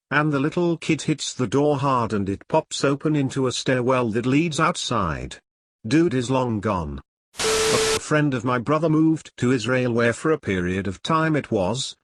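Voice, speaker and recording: A man narrating online stories aloud in a steady, matter-of-fact reading voice. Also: mid-range voice, measured pace, dry recording, clean studio sound.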